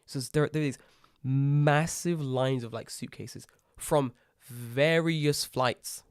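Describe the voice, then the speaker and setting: A young British man co-hosting a podcast, telling an animated, swear-heavy story in casual chat. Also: medium pitch, slow, clean tone, dry recording, clean studio sound. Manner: rising to loud exasperated outbursts. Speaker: podcast co-host.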